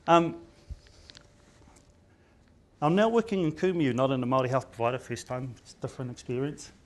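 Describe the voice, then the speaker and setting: A middle-aged man with a New Zealand accent, a general practitioner, gives an informal conference presentation. His mid-range voice has lively intonation and a brisk pace, and he's chatty, full of stammers and restarts, dropping in Māori words.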